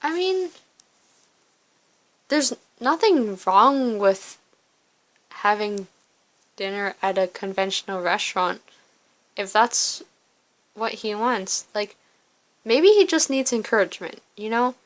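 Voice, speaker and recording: A woman's voice: medium pitch, animated, takes it slowly, pauses often, rough recording. A young woman who reads through a story game and chats about her choices, casual and self-mocking. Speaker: game player. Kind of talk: casual commentary while reading a story game.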